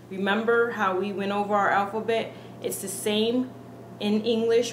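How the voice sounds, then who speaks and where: A woman giving a casual pronunciation lesson, speaking earnestly and slowly repeating each sound to demonstrate it. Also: medium pitch, steady tone. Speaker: Spanish pronunciation teacher. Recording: echoey room with faint background hiss.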